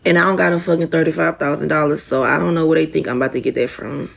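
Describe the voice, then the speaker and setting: Woman venting on a phone clip, gravelly, cursing, annoyed. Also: sits low, steady tone, rapid-fire. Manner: profane, exasperated, talking straight to viewers. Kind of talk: casual social media rant.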